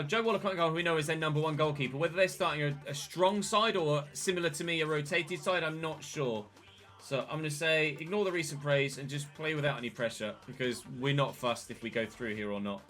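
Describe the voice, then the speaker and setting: Man, gaming commentary, chatty, excitable, bright, faint background music. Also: fairly high pitch. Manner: chatty, bursts into excited shouts at big moments. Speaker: gaming channel host. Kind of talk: casual game commentary.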